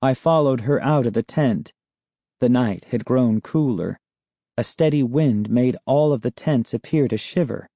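Slow, mellow male audiobook narrator. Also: medium pitch, gravelly, no echo, studio quality. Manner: measured storytelling. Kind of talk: scripted narration.

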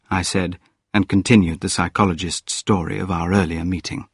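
A man reading a story aloud in a calm, measured narration. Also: sits low, husky, no room sound, clean studio sound. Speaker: audiobook narrator. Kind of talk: scripted narration.

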